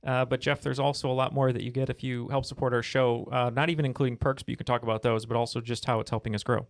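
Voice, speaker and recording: A man's voice: medium pitch, fast talker, dry recording, clean studio sound. A man hosting a trivia podcast, talking casually with frequent "uh" and "um" as he reads a sponsor plug. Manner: relaxed, lots of "uh" and "um". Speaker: podcast host.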